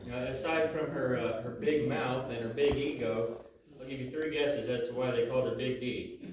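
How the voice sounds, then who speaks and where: Stand-up comic, man in his thirties, halting delivery with lots of uhs, heard from far off in an echoey room. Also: mid-range voice, fairly even intonation, background noise. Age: 30s. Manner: halting, full of uhs and repeated starts. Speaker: stand-up comedian. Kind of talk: stand-up comedy set. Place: comedy venue before a live audience.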